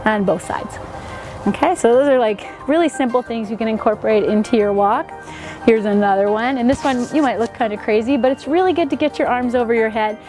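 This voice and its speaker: A woman yoga instructor guiding a session with gentle, encouraging cues. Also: on the high side, a little fast, over music.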